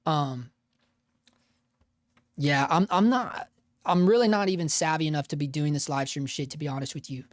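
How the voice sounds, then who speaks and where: A man's voice: on the high side, normal speed, pauses often, no echo, clean studio sound. Laid-back swearing live-stream guy. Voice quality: unusual voice, does cartoon voice work. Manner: laid-back, swears a lot, laughs often, says "dude" and "bro". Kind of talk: casual live stream chat.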